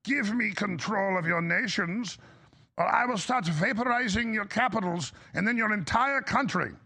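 A man voicing a grandiose male comic-book supervillain, making slow theatrical threats. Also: high-pitched, creaky, sharp tone, breathy edge, exaggerated voice. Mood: gloating.

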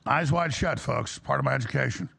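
A man's voice: mid-range voice, brisk, creaky, pushed and bright, slightly rough. A middle-aged man hosting a talk show, delivering a rambling, impassioned confessional monologue that rises into preaching.

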